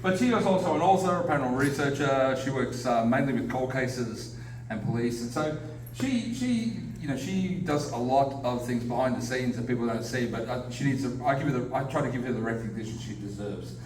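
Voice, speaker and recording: A man's voice: medium pitch, brisk, a little mellow. Chatty Australian man presenting on stage. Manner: chatty and self-deprecating, frequent fillers and laughs. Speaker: paranormal researcher giving a presentation. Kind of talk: casual conference talk. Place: convention hall. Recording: echoey hall from a distance, faint background noise.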